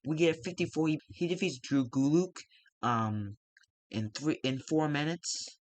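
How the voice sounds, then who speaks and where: Recapping a show from his wrestling sim game, a man with a fairly high voice speaks unhurriedly on a dry recording. His casual recap rambles, packed with fillers and the odd curse.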